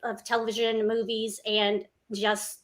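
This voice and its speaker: A woman with a Texas accent, a guest actress chatting in an interview, bubbly and quick to laugh. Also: a little high, monotone. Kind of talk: casual interview chat.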